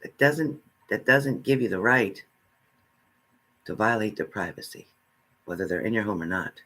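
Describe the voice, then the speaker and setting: A man's voice: lowish voice, expressive, normal speed, bright, forceful tone. A man giving a spiritual reading, speaking earnestly and straight to the listener, repeating his phrases. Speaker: spiritual reader.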